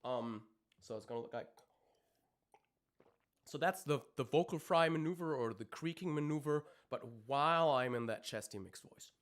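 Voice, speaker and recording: A man's voice: fairly high pitch, normal speed, a bit bright. A man, a vocal coach, explaining singing technique in a live-streamed lesson, with many ums and restarts as he talks. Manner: explains technique, breaks off to demonstrate screams.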